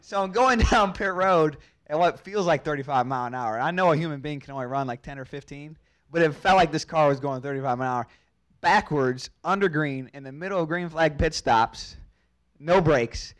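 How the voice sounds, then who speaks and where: A man's voice: a little high, fairly quick, fairly bright tone. Young man, a little drunk, rambling anecdote, chuckles, stumbling restarts, press conference mic. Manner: rambling, chuckling, repeats words. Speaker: race car driver.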